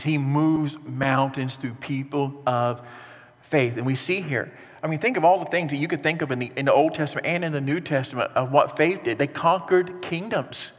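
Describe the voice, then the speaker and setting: A pastor preaching a sermon in an earnest, animated way, with rhetorical questions and repeated phrases. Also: male voice, medium pitch, big-room sound.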